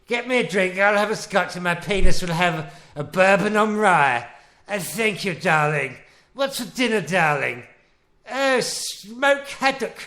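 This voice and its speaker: A man doing a pompous posh old-film gentleman. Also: high voice, expressive, measured pace, voice pushed up, heavily acted. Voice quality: plummy, theatrical. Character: pompous posh 1940s English gentleman husband. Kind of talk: improvised comedy podcast skit.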